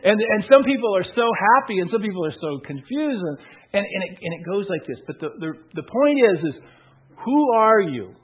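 A pastor talks his congregation through a story in a loose, conversational way, stopping and restarting his sentences as he goes. His voice is husky and sits a little high for a man. The recording sounds thin and phone-like. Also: sing-song. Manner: conversational storytelling with many restarts and acted quotes; slow, deliberate scripture reading. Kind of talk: sermon.

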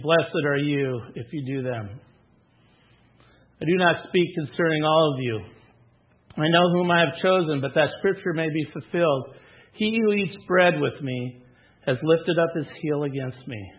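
A man preaching a sermon, reading scripture aloud and adding casual comments between the passages. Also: fairly high pitch. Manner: reads scripture then comments in a casual aside. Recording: tinny phone-like sound.

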